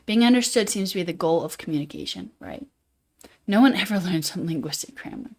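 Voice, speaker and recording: A woman with a Utah accent hosting a livestream, chatting casually in a fairly monotone way and reading chat comments aloud. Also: fairly low pitch, a little fast. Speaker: livestream host.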